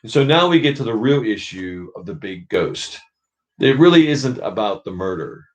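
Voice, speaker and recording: A man leading a church book study, teaching thoughtfully and pausing to search for words. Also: lowish voice, very animated.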